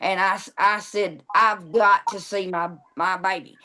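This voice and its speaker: A woman's voice: mid-range voice, steady tone, measured pace, sharp tone, slight background noise. A woman, a victim's mother, telling in a documentary interview how she lost her son and acting out what was said. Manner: grief-stricken, reenacting dialogue.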